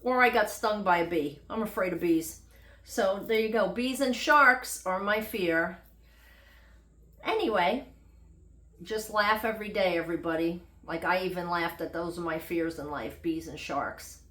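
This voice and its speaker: A woman's voice: on the low side, measured pace, a bit bright. A middle-aged woman vlogging a casual, unedited health update in a rambling, chatty way with self-deprecating humor. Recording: echoey room.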